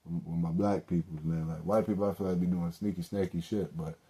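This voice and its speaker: A young man talks alone on his podcast, spinning loose, profane stories full of joking asides. His voice sits low and mellow. He stops to correct himself and laughs at his own slips. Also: steady tone, fairly quick, slightly rough. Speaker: podcast host. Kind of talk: casual solo storytelling.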